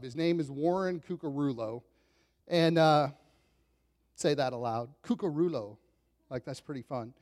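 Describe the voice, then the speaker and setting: A man in his thirties preaching a sermon in a relaxed, conversational storytelling way, self-deprecating and chuckling often. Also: a little high. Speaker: pastor.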